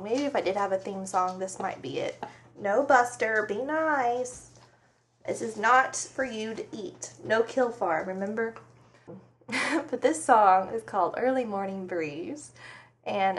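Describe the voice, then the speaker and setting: A woman hosting a casual radio show from her farm, chatting, laughing often and talking to her animals. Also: medium pitch. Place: farm home studio with dogs nearby.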